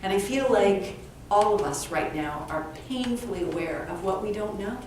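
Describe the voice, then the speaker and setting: She has a mid-range voice at normal speed and appears as an author and speaker interviewed at a live event. Her stories are humorous and animated, with dialogue acted out. Faint background noise, echo, and a far-off mic shape the sound.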